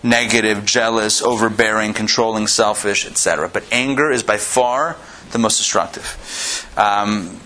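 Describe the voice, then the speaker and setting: A rabbi teaching a live class, talking in a loose conversational way with restarts and the odd joke. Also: male voice, lowish voice, steady tone, moderate pace, hardly any pauses, pushed and bright. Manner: conversational, repeats and restarts, tells jokes.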